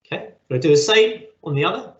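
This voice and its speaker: A man's voice: a little high, expressive, quick pace, a bit bright. A man giving a patient, step-by-step live online cooking lesson to children from a kitchen. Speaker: cookery teacher. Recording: echoey, slightly dull audio.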